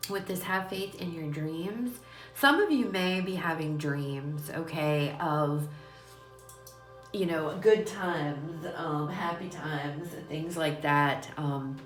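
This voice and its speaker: A woman's voice: lowish voice, roomy sound. A woman giving a casual tarot reading, talking straight to her listeners in a chatty, repetitive and emphatic way, with a runny nose and watery eyes. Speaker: tarot reader. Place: small room at home.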